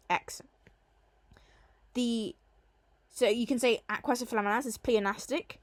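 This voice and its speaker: A woman with a slightly high voice gives a line-by-line lesson on a Latin poem. She explains each device patiently and leans hard on the key words, reading out lines slowly. The sound is dry and close, with no room behind her. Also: dry recording. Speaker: teacher.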